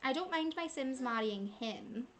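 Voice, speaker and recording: A woman's voice: high-pitched, lively intonation, unhurried, a little hiss or hum. A woman giving casual commentary while playing a life-simulation game, chatting to her characters and laughing often. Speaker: gaming channel host.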